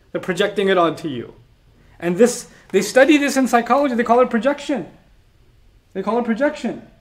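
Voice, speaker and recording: Male Quran teacher, high pitch, emphatic sermon delivery, rises to loud animated peaks. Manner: emphatic, builds to raised animated outbursts; chants quoted verses quickly. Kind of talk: explanatory sermon.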